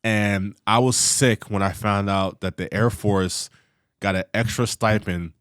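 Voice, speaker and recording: Podcast host guy, lowish voice, dry close mic, joking around with his guest. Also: fairly even intonation, measured pace, a bit bright, dry recording. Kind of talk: casual conversation.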